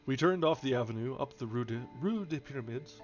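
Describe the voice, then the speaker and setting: A man's voice: medium pitch, expressive, fairly quick. A man reading a novel aloud on a livestream, now and then stumbling and correcting himself on foreign names. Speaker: audiobook reader. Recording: dull lo-fi with faint music.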